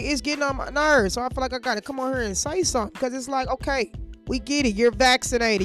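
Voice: sits high, a little fast, soft background music. A vlogger who is sick with a sore throat, talking straight to camera in a casual, profane, increasingly heated rant.

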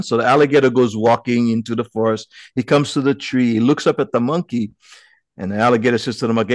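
A man's voice: medium pitch, fast, no echo. A man hosting a video call gathering, telling a joke story in an easygoing, laughing way. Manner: easygoing, laughing, local pidgin-flavored phrasing. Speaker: host of a virtual community gathering. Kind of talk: casual chat and joke storytelling.

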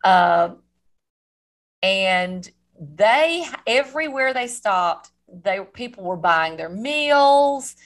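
A woman's voice: medium pitch, lively intonation, very slow. Woman, Alabama accent, casual rambling talk, podcast co-host. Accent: Southern US, Alabama. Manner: chatty, rambling, with many restarts. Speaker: podcast co-host, school counselor.

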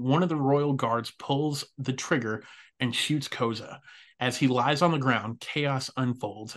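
A man's voice: medium pitch, fairly bright tone. A man hosting a casual anime recap podcast, laughing often and swearing casually. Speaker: podcast host.

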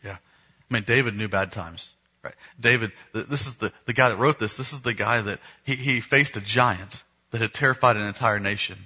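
A man's voice: on the low side, moderate pace, pushed and bright, slightly rough, dull audio. A man, preaching a sermon and telling a family story, acting out the dialogue. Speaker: pastor.

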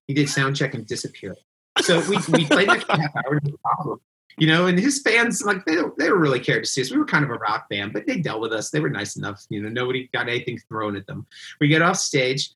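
A musician in his forties, appearing as a guest in a casual interview, tells animated road stories and acts out the people he quotes in raised voices. His voice is on the high side, and the audio is poor.

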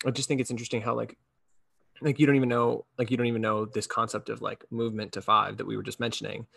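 Flat, gravelly male host. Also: medium pitch, fast, no room sound. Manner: reflective, explanatory, with "um" and "like". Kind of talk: conversational podcast talk.

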